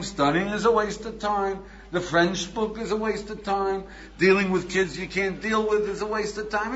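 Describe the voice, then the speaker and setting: An older man, a rabbi, giving a lively lecture, acting out little scenes and asking his listeners questions. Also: high-pitched, normal speed, muffled recording. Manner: animated, acts out little scenes with voices, laughs, asks the audience. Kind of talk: recorded lecture.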